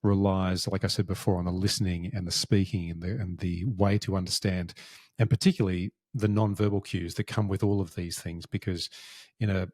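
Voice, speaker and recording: A man with a very deep voice hosts an interview, building his questions slowly and carefully. The sound is dry and close. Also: level tone, darkish tone, no room sound. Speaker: interview host.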